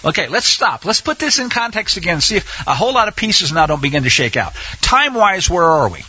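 A man's voice: high-pitched, very animated, fairly quick, bright, forceful tone, slightly rough. A man teaching a sermon-style Bible lesson. He speaks emphatically, asks rhetorical questions and repeats phrases for effect. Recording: dull, dry lo-fi sound.

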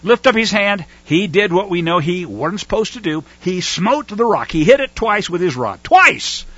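A man giving a casual, animated Bible study and teaching through a Torah portion. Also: high-pitched, moderate pace, dry recording, highs cut off. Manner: animated, acts out whining voices.

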